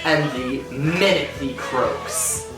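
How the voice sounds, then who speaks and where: A man's voice: medium pitch, slow pace, roomy sound, distant mic, over music, low-quality recording. A man co-hosting a podcast in playful, theatrical casual chat. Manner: playful, theatrical, breaks into song. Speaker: podcast co-host.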